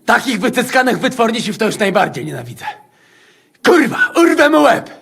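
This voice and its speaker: An actor voicing a hot-tempered, swearing male brawler in a video game, speaking Polish with a rough voice. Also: very high voice, big pitch swings, quick pace, fairly bright tone, heavily acted. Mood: aggressive.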